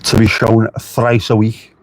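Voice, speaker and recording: In a fairly low, completely flat voice, a man speaks a little slowly to his live-stream audience by the beach. He answers viewer comments and swears freely, with passing traffic and faint street noise audible behind him.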